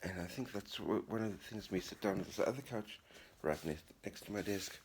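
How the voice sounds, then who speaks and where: A man's voice: lowish voice, brisk, slight background noise. A middle-aged man vlogging casually to camera, chatty and upbeat with a rambling way of talking. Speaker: vlogger and writer. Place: apartment living room.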